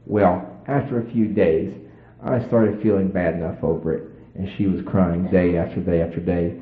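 A man's voice: low-pitched, normal speed. A man telling a folksy story to a crowd in a plain, colloquial way. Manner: plain-spoken, colloquial, lively and playful. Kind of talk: folksy anecdote told to an audience. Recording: roomy, phone-like audio.

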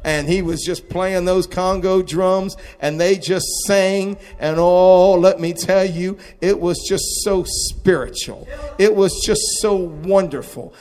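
A man preaching a testimony sermon, moving between quiet storytelling and shouted exclamations. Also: high-pitched, steady tone, slow pace, few pauses. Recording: long hall reverb.

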